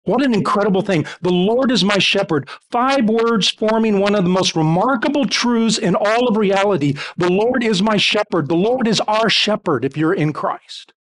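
High-voiced male pastor preaching emphatically. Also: normal speed, hardly any pauses. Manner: emphatic, building repetition. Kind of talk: sermon.

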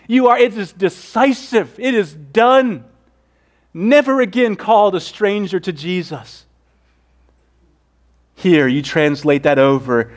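High-voiced earnest preacher man. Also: a little slow. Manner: earnest, swings from loud fervor to hushed softness. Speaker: pastor. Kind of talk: sermon.

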